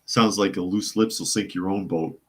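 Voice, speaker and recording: A man with a very deep voice hosts a live news commentary podcast. He reads reports and viewer comments aloud and breaks in with sardonic, skeptical asides in a loose, conversational way. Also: steady tone, normal speed, fairly bright tone. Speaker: podcast host.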